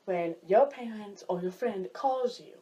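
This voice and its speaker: A woman talking casually to camera in a vlog, animated, jumping high when she mimics people and dropping low for asides. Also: a little slow. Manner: drops low and quiet for asides. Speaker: vlogger.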